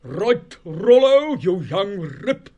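A man's voice: high voice, sing-song, very slow, warm tone, voice pushed up, exaggerated voice. A man reading aloud and voicing a blustering, plummy old male hare. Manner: plummy, exclamatory.

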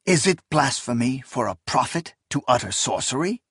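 A man voicing a weary, brooding male scholar in an audiobook, speaking low and guarded. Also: very animated, moderate pace, a bit bright, breathy edge, no room sound, clean studio sound. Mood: earnest. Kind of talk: audiobook character voice.

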